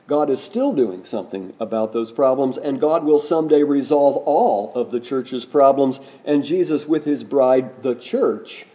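A man's voice: mid-range voice, warm tone. A male pastor delivering a sermon, emphatic and questioning the congregation directly. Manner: emphatic preaching with rising, pointed questions.

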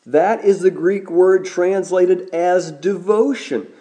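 A man preaching a sermon as a pastor, measured and deliberate, slowing down to stress key words. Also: high voice, mellow.

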